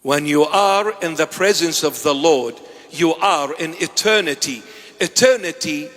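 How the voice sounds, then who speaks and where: A man delivering a sermon as a bishop, his voice sitting high for a man. He moves between loud declarations and hushed asides and acts out quoted dialogue. His words ring out with a long reverb from the church around him. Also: lively intonation, a little slow. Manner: preaching with sharp rises and drops in loudness.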